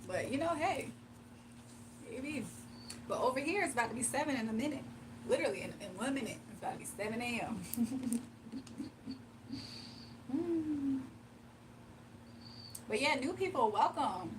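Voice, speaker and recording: Woman, high voice, chatty and laughing, reads viewer comments, slightly distant mic, faint hiss. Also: expressive, normal speed, pauses often. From US East Coast. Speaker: live-stream tarot reader. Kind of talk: casual live-stream chat. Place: home, early morning.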